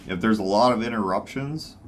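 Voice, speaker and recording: Southern guy w a really low voice, lots of um and you know, faint room hiss. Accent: Southern American. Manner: halting, many fillers and restarts. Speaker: guest. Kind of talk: casual conversation.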